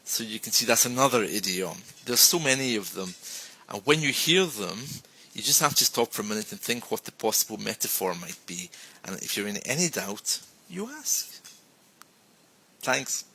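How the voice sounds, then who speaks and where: A man's voice: a little fast, breathy edge, low-quality recording. A man giving a casual lesson, chatting and acting out sample phrases. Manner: chatty, acts out sample phrases with lively pitch jumps. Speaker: English teacher.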